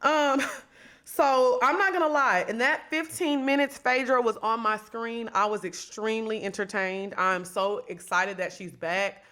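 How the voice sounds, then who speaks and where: Woman podcast host, chatty and sassy in her gossip commentary, with a bright, slightly high voice. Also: steady tone, measured pace. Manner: chatty, sassy, addresses listeners directly. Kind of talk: solo reality-TV gossip commentary.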